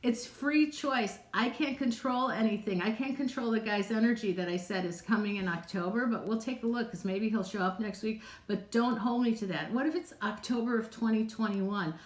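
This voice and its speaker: A woman psychic talks through viewers' questions in a loose, rambling live-stream chat, often laughing. Her voice sits in a middle pitch. The sound carries the echo of a bare room. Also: brisk, few pauses. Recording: roomy, echoey room sound.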